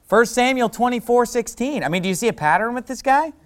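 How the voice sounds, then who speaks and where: Man, preacher, sermon, lively swooping pitch, clear resonant voice, acts out quotes with loud outbursts. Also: quick pace.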